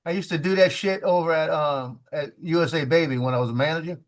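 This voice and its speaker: A man chatting casually on a live stream, telling animated stories full of restarts. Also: fairly high pitch, fast. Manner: animated, restarts and laughs a lot. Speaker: guest on live chat stream. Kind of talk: casual chat, storytelling.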